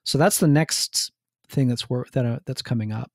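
A man's voice: mid-range voice, normal speed, dry recording, studio quality. A man from New Jersey, a guest on a podcast interview, talking enthusiastically and rambling with many restarts. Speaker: guest, food writer and hunter.

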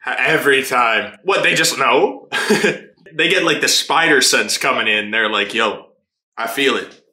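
A man hosting a casual anime reaction, excitable, laughing often and swearing freely as he watches. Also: mid-range voice, measured pace. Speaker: anime reaction channel host. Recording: roomy echo.

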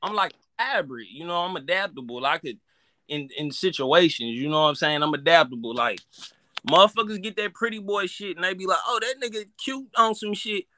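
A man with a Southern US accent, talking in an animated, profane, ranting way during a casual live chat. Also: a little high, fairly quick.

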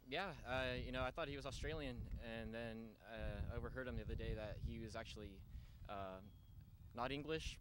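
A man's voice: mid-range voice, a bit bright. Young man, rambling, hesitant, some background hum. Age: young adult. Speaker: student interviewee. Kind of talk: casual street interview.

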